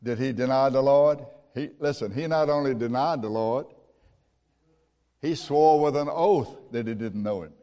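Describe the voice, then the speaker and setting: A man's voice: mid-range voice, normal speed, warm tone. A man preaching a sermon, telling stories in a folksy, conversational way with rhetorical questions. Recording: long hall reverb.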